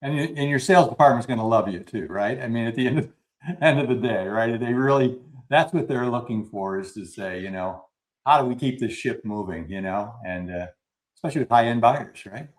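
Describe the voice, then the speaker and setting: A man's voice: mid-range voice, fairly quick. A man moderating a panel discussion, affirming each speaker and seeking agreement.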